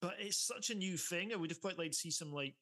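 A man co-hosting a film podcast in casual chat, animated and laughing often. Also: high voice, fast talker. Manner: animated, laughing often, mimics characters in quotes. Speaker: podcast co-host.

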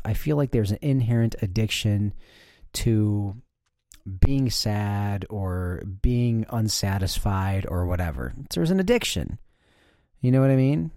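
A man's voice: medium pitch, mellow, no room sound, clean studio sound. A man hosting a podcast alone, talking casually in a rambling, profane way with lots of fillers and restarts. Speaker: podcast host. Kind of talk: casual solo monologue.

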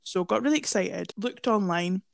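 A woman's voice: mid-range voice, normal speed, vocal fry, dry recording. A young woman co-hosting a podcast, telling stories casually with lots of swearing. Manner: chatty, swears freely, lively storytelling. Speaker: podcast co-host.

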